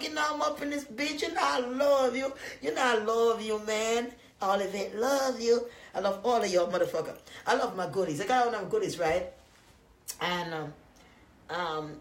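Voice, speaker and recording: A woman from Jamaica with a Jamaican accent, talking loudly and profanely to her live-stream viewers in a casual, rambling way, often breaking into laughter. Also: on the low side, reverberant. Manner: profane, loud and animated with frequent laughs.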